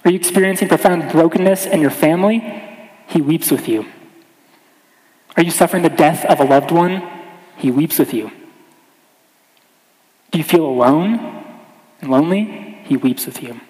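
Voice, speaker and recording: Man preaching in an echoey hall. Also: fairly high pitch. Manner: earnest, slows and softens on key lines. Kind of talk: sermon. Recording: echoey hall with long reverb.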